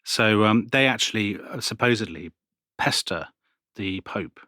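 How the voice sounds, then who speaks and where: A man co-hosting a history podcast, telling stories in an animated way and laughing often. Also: fairly low pitch, measured pace, no room sound, clean studio sound. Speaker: podcast co-host. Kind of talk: conversational history chat.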